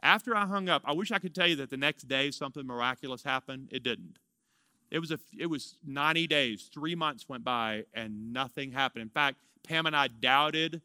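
Bright-voiced pastor telling a story. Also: male voice, medium pitch, moderate pace, clean tone, no room sound. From Louisiana, US. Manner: animated storyteller, swings from excited to hushed. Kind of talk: sermon storytelling.

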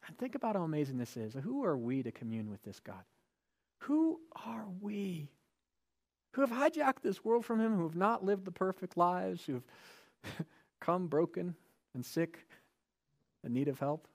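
A man's voice: fairly high pitch, animated, moderate pace, darkish tone. A male pastor giving a sermon in a conversational way, with rhetorical questions and emphatic repetition.

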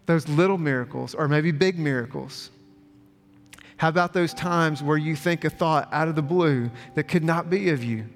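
A man's voice: on the high side, moderate pace. A man preaching a sermon as pastor, speaking earnestly with repeated phrases and building emphasis. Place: church sanctuary. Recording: long hall reverb with faint music.

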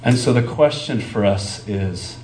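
A man's voice: on the low side, a little slow, darkish tone, slight background noise. A man preaching a sermon as a pastor, talking conversationally and stopping for fillers as he searches for words. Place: church sanctuary. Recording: echoey room with faint ambience.

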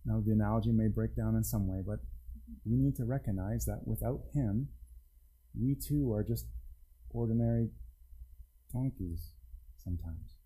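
A man preaches in a relaxed, conversational way and often restarts his phrases. His tone is mellow and warm, and he drops to a hush on his key points. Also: on the low side, moderate pace, pauses often, slightly rough, poor audio. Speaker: pastor. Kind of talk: sermon.

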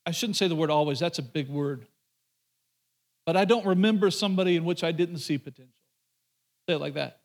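A pastor with a fairly high voice preaches to his congregation. He talks in a conversational way, throws in joking asides, and often repeats phrases and restarts his sentences as he goes. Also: a little fast, long pauses. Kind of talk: sermon.

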